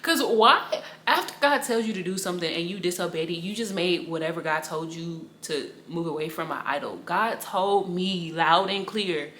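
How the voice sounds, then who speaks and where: A young woman with a slightly low but bright, forceful voice tells her faith testimony in loose, casual speech that circles back on itself. The room sounds echoey, and a faint noise sits behind her. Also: moderate pace. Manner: casual, rambling storytelling with slang and repetition. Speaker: Bible study teacher.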